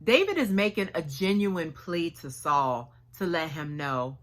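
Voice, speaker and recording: A woman's voice: on the low side, expressive, measured pace, few pauses. A woman preacher giving a sermon, retelling a story with acted dialogue and casual slang.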